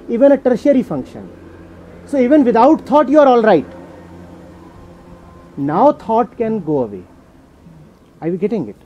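A man's voice: high-pitched, mellow. A man from India with an Indian accent, a spiritual teacher answering a question at a talk, emphatic and repeating key words. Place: talk venue indoors. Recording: dull audio with faint noise.

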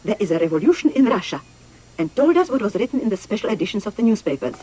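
A woman's voice: medium pitch, sing-song, quick pace, mellow, close to an everyday voice, rough recording. A woman reading as a wistful exiled revolutionary wife. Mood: recollecting. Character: middle-aged woman revolutionary recalling exile. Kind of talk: documentary reading of a memoir.

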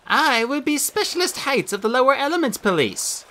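A man voicing a stern female fairy police officer who speaks in a flat, clipped, formal way. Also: very high-pitched, normal speed, pitched above the performer's own voice, full character voice.

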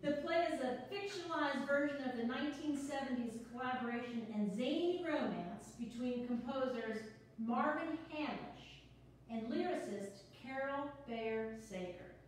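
A woman introduces the performance with a brisk, cheerful read. Her voice is high. The sound is echoey and distant, with faint room noise. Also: lively intonation. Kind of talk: scripted introduction. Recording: echoey room, far from the mic.

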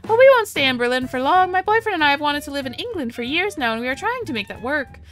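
A woman's voice: very animated, quick pace, fairly bright tone, soft background music. Woman doing a bubbly, nosy young tourist woman. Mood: chatty. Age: 20s. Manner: bubbly, high and prying.

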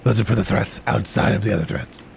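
A man's voice: lowish voice, quick pace, creaky, a crowd in the background. A man in a casual gameplay session, wisecracking and teasing his friends. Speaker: let's play cast member.

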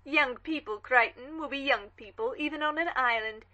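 A woman playing an imperious, sharp-tongued elderly aristocratic lady in an audio drama reading. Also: sits high, moderate pace, muffled recording. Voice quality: commanding, cross-examining.

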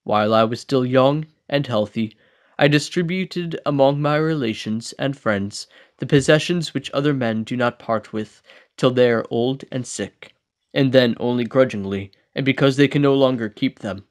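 A man's voice: medium pitch, moderate pace. Man reading a classic book aloud. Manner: steady reading with small slips and restarts. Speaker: audiobook reader.

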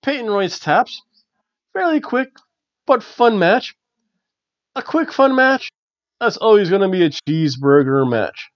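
Animated, high-voiced male reviewer. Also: unhurried, pauses often, dry recording. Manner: animated, chatty, many fillers. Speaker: wrestling reviewer, host. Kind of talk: casual review chat. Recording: dull, dry lo-fi recording.

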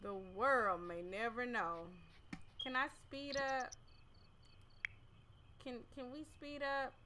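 A woman's voice: on the high side, steady tone, takes it slowly, background noise. A young woman casually commenting on her life-sim game as she plays, chatty and scolding her character. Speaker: gaming channel host. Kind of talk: casual let's-play commentary. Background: game music.

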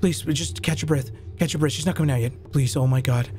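A young man from Mexico with a Mexican accent, commentating a horror game, coaching himself in hushed tones, then yelping and swearing, switching into Spanish. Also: a little high, quick pace, a little hiss or hum. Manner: jumpy, swings from hushed self-coaching to loud yelps, profane, switches into Spanish. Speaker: gaming YouTuber. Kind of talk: let's play commentary.

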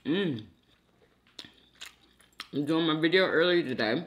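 A woman's voice: deep voice, lively intonation, takes it slowly. A young adult woman hosting a mukbang, chatting casually to her viewers while she eats and calling them y'all. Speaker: mukbang host. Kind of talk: casual chat while eating.

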